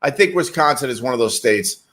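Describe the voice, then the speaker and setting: A man's voice: mid-range voice, lively intonation, brisk, fairly bright tone. A man hosting a casual livestream, reading chat messages and rambling wryly with casual swearing. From New York.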